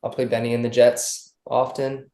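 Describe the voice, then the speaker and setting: A man's voice: mid-range voice, level tone, normal speed, mellow. A man guesting on a casual podcast, loose and rambling with many restarts. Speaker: musician guest. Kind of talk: casual interview chat. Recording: roomy echo.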